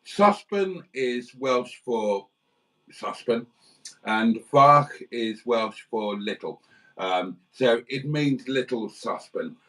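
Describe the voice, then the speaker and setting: A mid-pitched British man hosting a casual livestream, tired and ready to call it a night. He trades dry, wry remarks with his co-host. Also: lively intonation, slow, a bit bright. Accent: British English.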